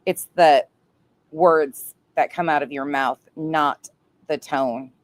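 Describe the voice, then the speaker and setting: Woman, low voice, blunt, swears, reaction commentary, casual. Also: steady tone, takes it slowly. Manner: blunt, profane. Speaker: commentary streamer.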